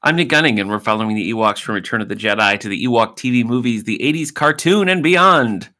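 Chatty middle-aged male co-host, bright tone, easygoing questions. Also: on the low side, lively intonation, fast talker. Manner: chatty, laid-back, asks his son questions. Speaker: podcast co-host. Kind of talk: casual podcast chat.

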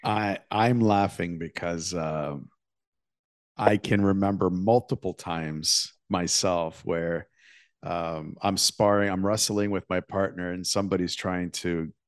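A man's voice: sits low, steady tone, no echo, studio quality. A man hosting a podcast, talking casually with many restarts and fillers. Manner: halting, lots of restarts and fillers. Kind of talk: casual interview chat.

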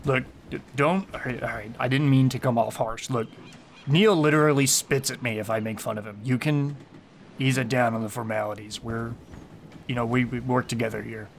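A man's voice: medium pitch, moderate pace, vocal fry, slight background noise, close to an everyday voice. A man playing a blunt, easygoing ship captain. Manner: blunt, reassuring. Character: gruff but friendly male ship captain.

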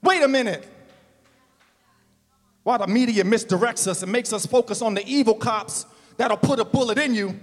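A male pastor preaching a sermon, building to shouts and slowing down for emphasis. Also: very high voice, in a large hall, soft background music.

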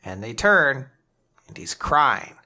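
A man hosting a casual podcast, retelling manga chapters with animated storytelling and frequent laughter. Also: mid-range voice, takes it slowly. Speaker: podcast host.

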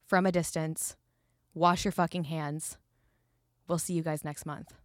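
A woman's voice: deep voice, fairly even intonation, unhurried, no echo, studio quality. A woman co-hosting a podcast in a casual, upbeat and playful chat. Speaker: podcast co-host.

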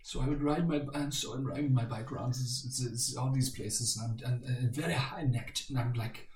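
A man's voice: mid-range voice, moderate pace, darkish tone, slight background noise, natural voice. A man playing an odd band member who rambles, halts and gropes for names, in an improvised comedy interview. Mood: rambling. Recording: echoey room.

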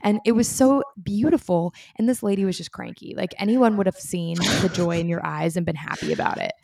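A woman's voice: lowish voice, fairly quick, creaky, a little mellow. A woman co-hosting a podcast in casual chat, eagerly adding details to her friend's story. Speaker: podcast co-host.

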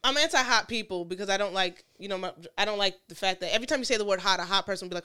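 A woman comedian chatting casually on a podcast, telling animated stories, acting out quick voiced quotes and laughing often mid-sentence. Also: mid-range voice, clean tone. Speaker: comedian guest.

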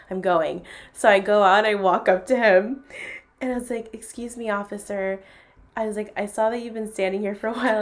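Young woman chatting on a podcast, mid-pitch voice, acts out all the dialogue, laughs a lot. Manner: animated, quotes people in dialogue, bursts of laughter. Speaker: podcast host telling a story. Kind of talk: casual storytelling chat.

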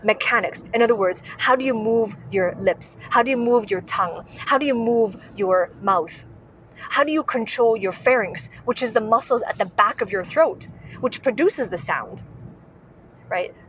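A woman's voice: fairly high pitch, normal speed, a bit bright, highs cut off, slight background noise. A woman hosting a podcast and teaching about speech, who often checks in with tag questions and corrects herself mid-sentence. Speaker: podcast host and speech coach. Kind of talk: instructive podcast monologue.

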